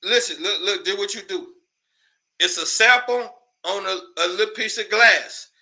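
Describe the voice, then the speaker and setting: Guy ranting on his show, high voice, real bright and sharp, cussing and cracking up. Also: normal speed. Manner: loose, profane, laughing often, repeats words when worked up. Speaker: commentary show host. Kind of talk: casual ranting commentary.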